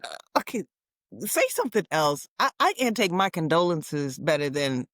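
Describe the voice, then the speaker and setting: Woman podcast host, low-ish voice, bouncy and animated, laughs a lot, dry room. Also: normal speed, no room sound. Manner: animated, laughs often, chatty storyteller. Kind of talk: casual chat.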